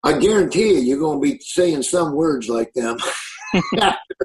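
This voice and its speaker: A man's voice: on the high side, lively intonation, a little slow, slight background noise, low-quality recording. Guest comedian, male, 60s, Southern US accent; easygoing, rambling delivery. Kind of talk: casual interview chat.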